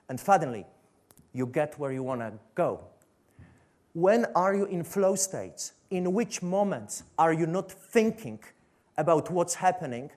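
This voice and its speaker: A man's voice: a little high, darkish tone. A man with a Polish accent giving a motivational stage talk as a coach, pressing his point with rhetorical questions and repetition. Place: stage before a seated audience.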